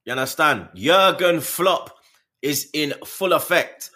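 A young man co-hosting a football podcast chats casually about the sport, animated and full of slang, cracking jokes and doing voices. His voice is on the high side and he speaks at a slow pace.

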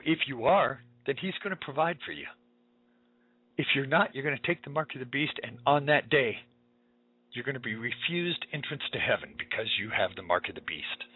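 A man's voice: mid-range voice, breathy edge, no echo. A male radio host giving an urgent, preaching monologue, emphatic and repetitive, heard over a tinny, phone-like line.

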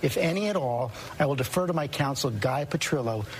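A man reporting as a TV news anchor, measured and emphatic as he recounts an interview. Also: mid-range voice, lively intonation, slight background noise.

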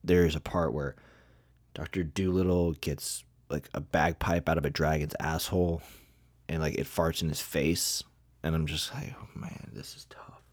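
Man, very low voice, podcast host, blunt and profane, rambling with fillers, dry close sound. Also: gravelly, dry recording. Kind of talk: casual movie review ranking.

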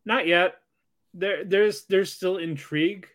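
A man's voice: high-pitched, slow, fairly bright tone. A man co-hosting a casual podcast, talking hesitantly and repeating words as he searches for them. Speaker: podcast co-host. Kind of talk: casual anime review chat.

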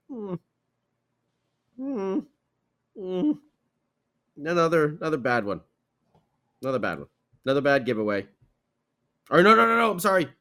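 A man hosting a podcast, recapping a hockey game in a rambling, animated way with lots of fillers and restarts. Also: a little high, creaky. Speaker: podcast host.

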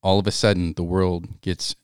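A man co-hosting a faith podcast, speaking in a reflective, measured way. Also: deep voice, little pitch movement, clear, resonant tone, no room sound, studio quality. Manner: reflective, measured, quotes scripture. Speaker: podcast co-host. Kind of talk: casual faith discussion.

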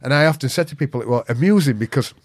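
A man's voice: mid-range voice, very fast, no room sound. Blunt Yorkshire man, dry sound. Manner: blunt, sweary, northern dialect grammar. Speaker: podcast guest. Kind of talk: casual storytelling.

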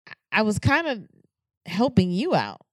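A woman's voice: medium pitch, huge pitch swings, fairly bright tone, dry recording, clean studio sound. A woman co-hosting a podcast, talking frankly and with plenty of swearing, often restarting her sentences in casual chat. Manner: frank, profane, halting restarts. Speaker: podcast co-host.

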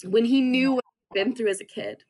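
Young woman guest, earnest and halting, slightly high voice, heartfelt personal account. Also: darkish tone. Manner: earnest, halting, many restarts and fillers. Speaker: podcast guest. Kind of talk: emotional personal story.

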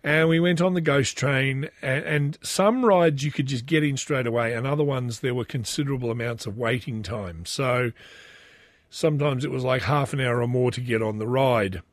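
A man's voice: medium pitch, moderate pace, no echo. A middle-aged Australian man telling a rambling, self-deprecating family anecdote in a casual, chatty way. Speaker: storyteller.

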